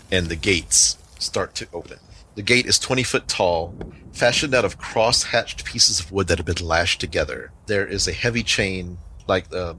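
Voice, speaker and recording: A man's voice: low voice, pushed and bright, husky. A man running a tabletop game as game master, describing scenes in a rambling way with many fillers.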